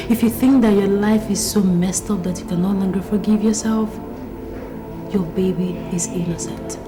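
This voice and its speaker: An actress playing a caring young woman who calms and encourages her friend, in a film scene. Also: medium pitch, close to an everyday voice. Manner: soothing then firmly encouraging. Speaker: friend attending a birth. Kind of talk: film acting. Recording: echoey room under loud music.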